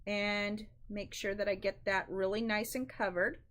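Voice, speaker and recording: A woman's voice: mid-range voice, flat delivery, unhurried, fairly bright tone. A woman hosting a live-stream craft demonstration, chatty and instructive, often calling her viewers "guys.".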